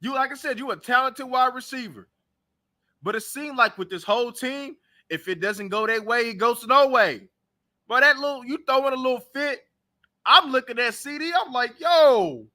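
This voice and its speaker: Blunt high-voiced man ranting about football. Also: normal speed, bright, forceful tone. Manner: blunt, trash-talking, heated. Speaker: sports talk show host. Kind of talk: casual sports reaction rant.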